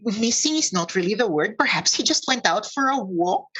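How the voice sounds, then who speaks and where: A woman's voice: mid-range voice, lively intonation, moderate pace, a bit bright, husky, pitched above the performer's own voice. A woman voicing a very tall, worried centaur woman who forces a smile and keeps reassuring everyone. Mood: worried politeness. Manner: polite, anxiously reassuring.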